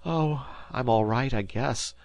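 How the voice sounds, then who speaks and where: A man's voice: mid-range voice, takes it slowly, creaky, no echo, voice pushed up. A man voicing a shaken teenage boy who talks with shaky, forced lightness in an audiobook. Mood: embarrassed. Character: shaken teenage boy, putting on a brave face.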